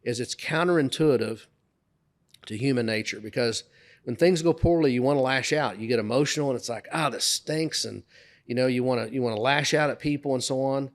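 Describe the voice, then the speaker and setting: A man's voice: mid-range voice, fairly quick. A middle-aged man co-hosting a podcast, telling career anecdotes in casual chat and raising his voice to act out the people he quotes. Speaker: podcast co-host.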